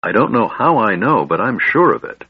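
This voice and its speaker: A man's voice: fairly low pitch, moderate pace, slightly rough, no room sound, exaggerated voice. A man voicing a curious, cheerful young kender man who turns wistful; dull, dry lo-fi recording. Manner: excitable, wistful.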